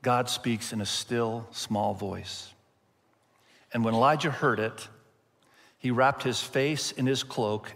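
A male pastor preaching a sermon, expressive and slowing down to stress key points. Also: mid-range voice, in a large hall. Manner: expressive, slows down for emphasis.

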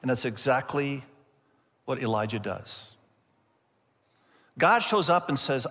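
A male pastor delivers an expressive sermon at a middling pitch, slowing down to stress key points. His voice carries a long reverb through a church hall. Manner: expressive, slows down for emphasis.

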